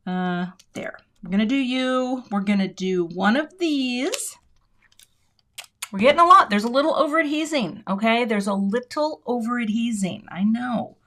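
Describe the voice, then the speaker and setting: A woman's voice: a little high, animated, moderate pace. A middle-aged woman hosting a live crafting stream, chatting casually to viewers and thinking aloud as she works. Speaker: crafting livestream host. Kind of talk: casual live demo chat.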